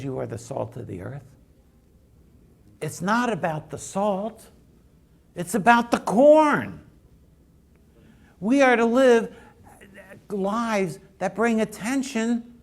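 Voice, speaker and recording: Pastor, male; gravelly, slow-paced conversational sermon storyteller. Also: high voice, animated.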